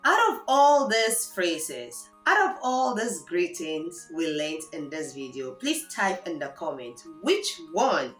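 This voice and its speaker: A woman teaching a spoken language lesson, saying each phrase slowly and repeating it for learners. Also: fairly low pitch, sing-song, a bit bright, echoey room, soft background music.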